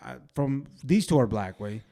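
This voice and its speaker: A man in his twenties co-hosting a podcast, telling animated stories in casual chat full of fillers like "way" and "bro". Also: medium pitch, moderate pace. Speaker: podcast co-host.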